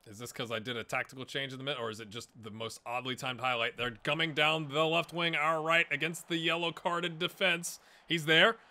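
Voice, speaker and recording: A man talks through his football management game in a casual, self-mocking way and keeps cheering his players on. His voice is very bright and sits a little high. He speaks close to a desk microphone. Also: steady tone, a little fast, few pauses. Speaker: gaming YouTuber.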